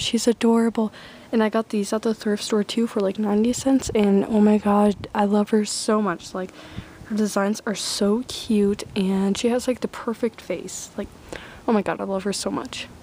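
A teenage girl chatting excitedly in a casual haul video, full of "like" and "oh my gosh". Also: mid-range voice, a little hiss or hum. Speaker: vlogger showing a thrift haul.

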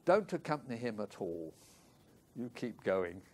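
A man's voice: fairly low pitch, sing-song, measured pace, darkish tone. An older man coaching a student in a music masterclass, singing phrases in nonsense syllables to show how they should go. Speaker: flute teacher. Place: music school classroom. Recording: live music over speech. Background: flute and piano playing.

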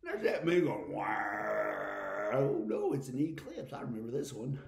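Southern man, mellow voice, folksy rambling preacher bit, slips into quoted voices. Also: mid-range voice, huge pitch swings, fairly quick. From Texas. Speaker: comic preacher character. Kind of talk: rambling comic monologue.

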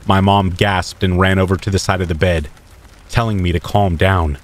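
A man reading a scripted first-person horror story in a steady, measured way. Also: deep voice.

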